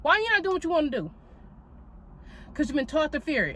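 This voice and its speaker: A woman's voice: sits high, big pitch swings, brisk, fairly bright tone. A woman in her twenties hosting a spiritual podcast, talking bluntly and sassily, with a lot of swearing and plenty of "like" fillers. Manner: blunt, profane and sassy, with lots of "like" fillers. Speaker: podcast host. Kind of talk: casual spiritual podcast monologue.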